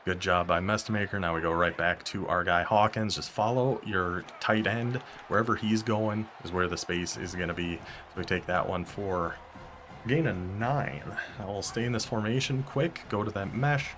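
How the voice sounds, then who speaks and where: A young man commentating his own football video game as he plays, talking to himself and reacting with sudden excitement and frustration. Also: sits low, a little hiss or hum. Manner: talks to himself while playing, quick bursts of excitement and frustration. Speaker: gaming YouTuber. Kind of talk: live gameplay commentary.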